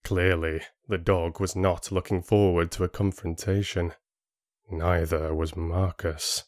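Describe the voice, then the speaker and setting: A man reading an audiobook in a steady storytelling manner into a close studio mic. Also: low voice, measured pace, no room sound. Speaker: audiobook narrator. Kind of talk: scripted audiobook narration.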